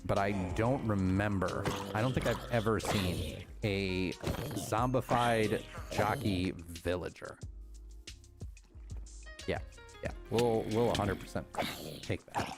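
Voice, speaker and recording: A man's voice: on the low side, slow pace, pauses often, music in the background. A man streaming a game, chatting casually and rambling to himself with frequent chuckles. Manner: rambling, self-talking, chuckles often. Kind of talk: casual live-stream chat while playing.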